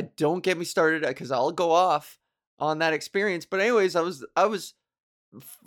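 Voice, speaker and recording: Lively, rambling woman podcaster. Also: lowish voice. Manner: rambling, profane, self-mocking, laughs often. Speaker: podcast host. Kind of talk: casual solo podcast monologue.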